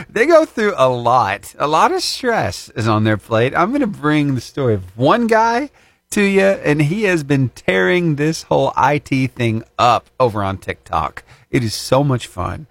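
Male host, casual chat, lively pitch, laughs often. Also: a little slow, no echo. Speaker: radio show host.

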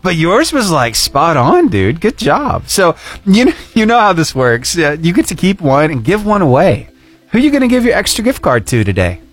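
A man's voice: high-pitched, wildly swooping pitch, moderate pace. A man hosting a morning radio show, goofy and upbeat, laughing often as he chats with a caller. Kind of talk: casual radio chat with a caller. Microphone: studio microphone.

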